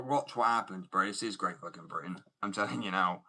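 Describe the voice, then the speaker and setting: Male streamer from Germany, bright and punchy tone, combative and mocking, ranting back at viewer comments. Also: on the low side, expressive, fast, low-quality recording. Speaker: skateboard artist streaming.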